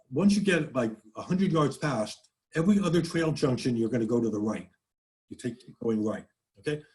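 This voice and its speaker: A man's voice: mid-range voice, a little mellow, poor audio. A man with a New England accent giving a casual nature slide talk, chatty and full of restarts, now and then imitating birdsongs. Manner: folksy, mimics birdsongs, frequent restarts. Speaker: nature presenter.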